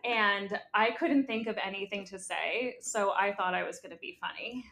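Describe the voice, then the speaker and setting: A woman's voice: medium pitch, normal speed, sharp tone. A woman co-hosting a podcast as a coach, telling stories about herself with dry, self-deprecating humor. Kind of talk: casual conversational chat. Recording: echoey room.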